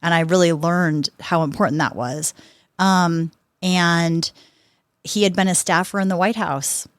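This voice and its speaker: A woman in her fifties, a guest on a podcast, telling lively anecdotes and acting out what people said. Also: fairly low pitch, unhurried, no echo. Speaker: podcast guest, sports executive. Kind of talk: conversational interview storytelling.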